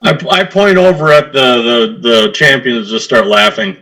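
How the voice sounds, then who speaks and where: A man's voice: medium pitch, animated, normal speed, bright, forceful tone, poor audio. A man describing his character's actions as a player, with some hesitation. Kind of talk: casual game table banter.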